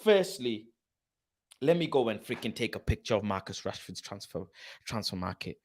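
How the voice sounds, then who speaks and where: A man hosts a football channel, ranting in a casual live stream. He swears, reads things aloud off a screen and keeps breaking into loud mock outrage. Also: lowish voice, normal speed. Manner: animated, exasperated, swearing, shouting in mock outrage.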